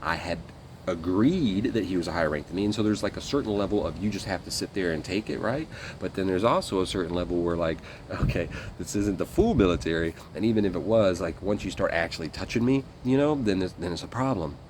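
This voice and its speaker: A guest recounts his military service, telling the story in a casual, rambling way that's blunt and packed with fillers and swearing. His voice is low and darkish, animated and quick, with slight background noise.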